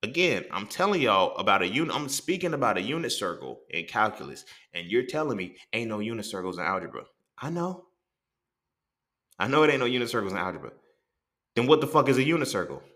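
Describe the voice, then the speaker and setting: A man in his thirties talking in a casual monologue for his podcast. He swears freely, uses a lot of slang and jumps into animated quoted exchanges. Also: on the low side, quick pace. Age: 30s. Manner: slang-heavy, keeps asking "you feel what I'm saying". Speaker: podcast host.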